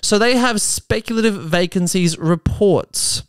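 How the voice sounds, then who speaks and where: In his apartment, a podcast host with a high, clear and resonant voice reads articles aloud at a measured pace, riffing on them with animated jokes and mock voices. The recording is dry.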